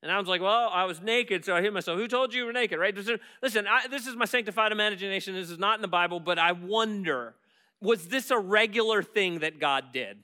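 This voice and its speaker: Male pastor, sermon, high voice, very bright tone, animated, acts out scripture, goes quiet for prayer. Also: fast. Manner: animated, voicing Bible scenes and dropping soft for prayer.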